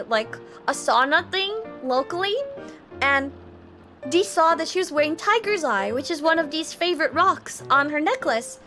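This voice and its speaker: A woman hosts a casual livestream chat in a high-pitched, pushed, bright voice, telling bubbly stories and giggling often. She refers to herself in the third person.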